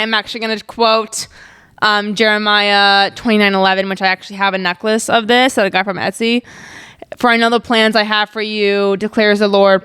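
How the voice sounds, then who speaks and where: A woman's voice: medium pitch, fairly bright tone, clear, resonant tone. A young woman hosting her own podcast, talking casually and upbeat with lots of "like" and "um", sharing faith and life updates. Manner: chatty, upbeat, lots of "like" and "um", laughs while telling stories. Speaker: podcast host.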